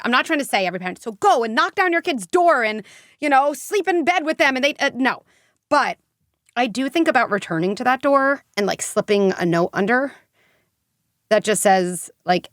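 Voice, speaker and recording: Brief: middle-aged woman, psychologist guest on a podcast, emotional storyteller with many fillers, mid pitch, dry close mic. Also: dry recording. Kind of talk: podcast interview.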